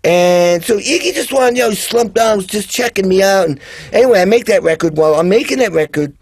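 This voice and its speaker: A man's voice: high-pitched, expressive, fairly quick, slightly rough, no room sound. A man as a guest drummer, telling stories in casual chat and animatedly acting out the voices of people he quotes. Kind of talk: casual storytelling.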